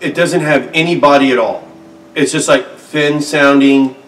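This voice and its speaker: A man's voice: fairly high pitch, steady tone, unhurried, a bit bright, recorded from a distance. A man hosting a guitar channel, complaining in a satirical mock-outraged rant to the camera. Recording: roomy sound from off-mic.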